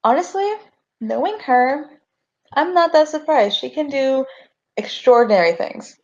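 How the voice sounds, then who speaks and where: A woman's voice: sits high, animated, measured pace, voice pushed up. Woman playing Fallen, a chummy adventurer. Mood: friendly. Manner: chummy and persuasive. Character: friendly, coaxing young woman adventurer. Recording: dull lo-fi recording.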